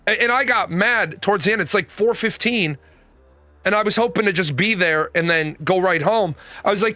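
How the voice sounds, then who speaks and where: A man's voice: high voice, normal speed, pushed and bright, dry recording, soft background music. A young man telling a personal story as a rant, swearing and exasperated. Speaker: host.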